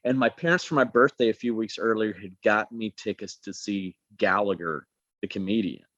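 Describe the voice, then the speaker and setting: A man speaking as a guest in a casual interview, an animated, expressive storyteller. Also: lowish voice, moderate pace, no room sound, dull audio. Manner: animated, expressive storyteller who jumps into voices. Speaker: guest, actor.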